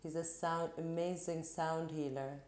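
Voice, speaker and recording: A woman hosting a tarot reading channel, talking casually and rambling, with restarts and soft laughs. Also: low voice, fairly even intonation, unhurried. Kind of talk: casual spiritual talk to camera.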